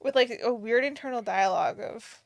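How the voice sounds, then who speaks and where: A young adult woman co-hosting a podcast, tossing in quick joking asides in casual chat. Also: fairly high pitch, vocal fry, no room sound. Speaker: podcast co-host.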